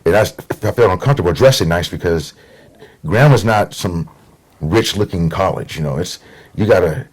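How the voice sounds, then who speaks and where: A man's voice: deep voice, animated, moderate pace. A middle-aged man from Portland, Oregon, telling stories as a guest in a casual conversation and acting out the voices of people he quotes. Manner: easygoing storyteller, acts out quotes.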